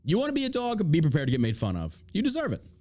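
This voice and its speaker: A man hosting an opinion podcast, his voice sitting a little high and swinging widely as he rants. He swears freely and mocks his targets by imitating them. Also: huge pitch swings, very fast, mellow. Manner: profane, heated ranting; mocking put-on quotes. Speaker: podcast host.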